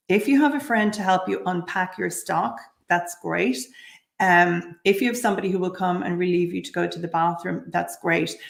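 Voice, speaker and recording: A woman's voice: fairly low pitch, vocal fry, roomy sound. A woman giving direct, practical advice on selling at craft fairs, with frequent ums. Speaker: craft business speaker.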